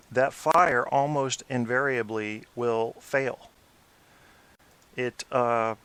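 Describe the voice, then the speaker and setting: A man's voice: medium pitch, fairly bright tone. Blunt opinionated man in his forties. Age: 40s. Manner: opinionated, blunt, swears when riled. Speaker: podcast host. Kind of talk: post-game hockey talk show.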